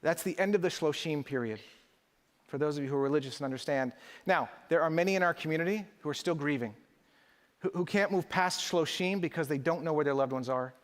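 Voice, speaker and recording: A middle-aged man with a fairly high pitch talks fairly quickly through a live conference keynote. He's emphatic and rhetorical, engaging the crowd, and the big hall makes the recording echo.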